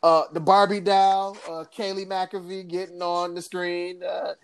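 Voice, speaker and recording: A woman co-hosting a casual political podcast, talking in an animated, sarcastic way, with laughs and mocking impressions. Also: on the low side, unhurried, smooth. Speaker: podcast co-host.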